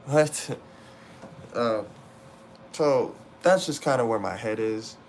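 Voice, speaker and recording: A man's voice: medium pitch, drawn-out words, slight background noise. A young man livestreaming from indoors, venting raw and profane to his chat, upset and frustrated, repeating himself as he rants. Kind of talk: emotional livestream rant to chat.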